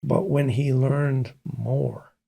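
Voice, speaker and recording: Older man, interview guest, husky dark voice, unhurried storyteller. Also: medium pitch, steady tone. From Mississippi. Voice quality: gravelly and husky. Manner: slow, thoughtful storytelling with many pauses. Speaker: guest, pianist and composer. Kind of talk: casual interview talk.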